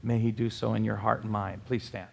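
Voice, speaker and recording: A man's voice: on the low side, level tone, brisk, vocal fry, darkish tone, slight background noise. A male pastor preaching a sermon in a church, asking the congregation rhetorical questions and citing scripture. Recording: long hall reverb.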